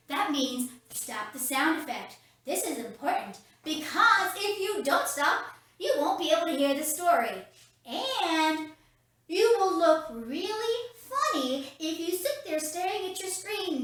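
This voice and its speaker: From a roomy space at home, a woman who leads children's ministry hosts an upbeat kids' story time, addressing the children directly. She has a high voice with a fairly bright tone, picked up by a distant mic in a very echoey room.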